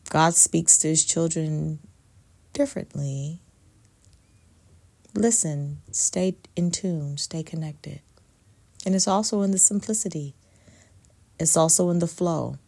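A woman coaching on faith and abundance in a soft, meditative way, often dropping to a whisper for emphasis. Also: low-pitched, slow, vocal fry, long pauses, dry recording. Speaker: spiritual life coach. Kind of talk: slow reflective faith talk to camera.

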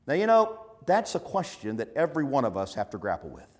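Male preacher, high-pitched, animated delivery; earnest sermon with pointed questions. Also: brisk, hardly any pauses. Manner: earnest, emphatic, with rhetorical questions.

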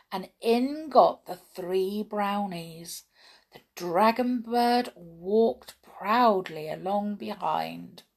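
A woman reading a children's storybook aloud in a gentle, expressive way. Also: medium pitch. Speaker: storybook reader.

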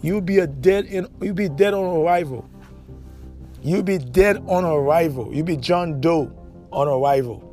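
Emphatic high-voiced man with faint music. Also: moderate pace, a little mellow. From Haiti. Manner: emphatic, repetitive, with many restarts. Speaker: podcast host. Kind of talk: impassioned podcast monologue.

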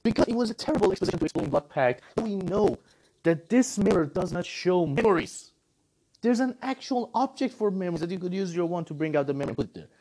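A man's voice: high-pitched, fast. A man giving a casual, exasperated movie review full of sarcasm. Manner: animated, exasperated critique with sarcasm.

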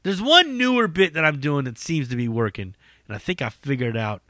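A man's voice: fairly high pitch, expressive, brisk, sharp tone, dry recording, clean studio sound. A man, a stand-up comic hosting a podcast, telling rambling stories in casual chat, swearing freely and laughing at his own jokes. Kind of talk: casual storytelling monologue.

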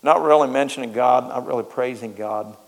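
A man's voice: mid-range voice, brisk. Man preaching in a reverberant hall. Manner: repeats phrases for emphasis, swings between soft and loud. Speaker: pastor. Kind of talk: sermon. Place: church sanctuary.

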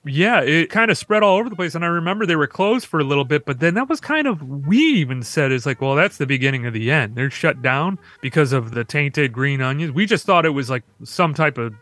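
A man co-hosting a podcast, telling stories quickly and casually with laughs and asides. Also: fairly high pitch, lively intonation, a bit bright, no echo. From Michigan. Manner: fast storytelling with laughs and asides. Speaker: podcast co-host.

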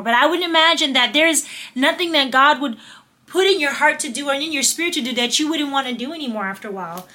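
A woman's voice: high-pitched, fast talker, sharp tone. A woman hosting a faith-based podcast, speaking with fervent, repetitive, preacher-like encouragement mixed with casual slang. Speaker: podcast host.

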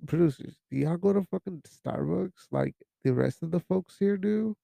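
With a high-pitched voice full of vocal fry, a young man hosts a laid-back podcast at normal speed. His mellow tone carries rambling, profane chatter sprinkled with Spanish phrases, and the recording has no echo.

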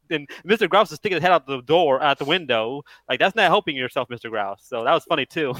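A man's voice: a little high, racing, hardly any pauses, a bit bright, no room sound, low-quality recording. A man co-hosting a casual podcast chat, cracking dry jokes. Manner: dry, joking asides. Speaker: podcast co-host. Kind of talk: casual chat reviewing a cartoon episode.

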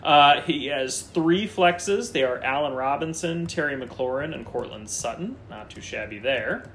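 A man's voice: mid-range voice, a little hiss or hum. Jokey man rattling off a roster. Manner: lively, lists players in quick runs, jokey. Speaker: fantasy football podcast host. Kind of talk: casual chat.

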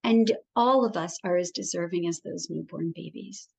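A woman's voice: fairly low pitch, normal speed, creaky, slightly rough. A woman guest on a podcast, talking in an earnest, emphatic and encouraging way about self-worth. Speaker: podcast guest, wellness coach. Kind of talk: conversational interview.

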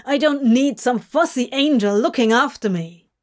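A woman's voice: high-pitched, normal speed, voice pushed up, natural voice. Woman doing a snarling male demon. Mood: furious. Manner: snapping, swearing, defensive.

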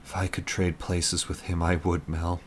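A man voicing a grieving male military commander who speaks quietly and steadily. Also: low voice, little pitch movement, moderate pace, slight background noise, natural voice. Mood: subdued.

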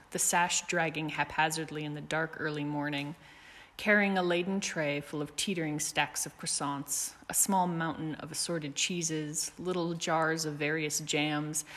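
A woman narrating a story in a calm, measured reading voice. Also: deep voice, in a large hall. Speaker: audiobook narrator.

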